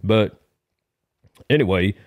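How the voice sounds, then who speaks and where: A man's voice: lowish voice, expressive, slow, darkish tone, no room sound. A man calling in to a comedy podcast, telling a meandering story in a folksy manner with rural grammar. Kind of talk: rambling comic monologue.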